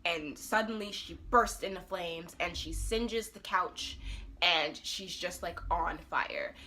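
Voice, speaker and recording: Woman vlogger recapping a show, super bright voice, chatty and animated. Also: on the low side, slow pace, a little hiss or hum. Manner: animated storytelling that acts out characters' lines. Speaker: TV review vlogger. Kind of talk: casual recap and review.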